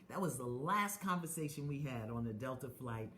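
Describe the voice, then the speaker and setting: A woman's voice: a bass voice, expressive, moderate pace, few pauses, fairly bright tone, echoey room. A middle-aged woman from the United States leading viewers through spoken affirmations on a live stream, chanting lines and urging them on between comments. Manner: chanting affirmations, call-and-response exhortations; greets viewers by place, reads comments aloud. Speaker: spiritual teacher hosting a live stream.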